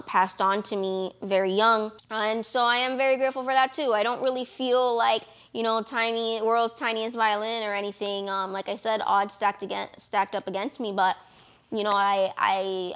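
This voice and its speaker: A woman's voice: medium pitch, flat delivery, normal speed, a bit bright. Chatty, encouraging young woman vlogger. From Florida, USA. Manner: chatty, encouraging, many fillers. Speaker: lash business owner and vlogger. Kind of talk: casual talk to camera.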